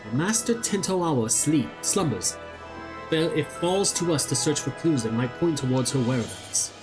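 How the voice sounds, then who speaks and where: A man's voice: fairly high pitch, expressive, normal speed, music in the background, close to an everyday voice. A man reading as a solemn temple knight. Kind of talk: reading game dialogue aloud.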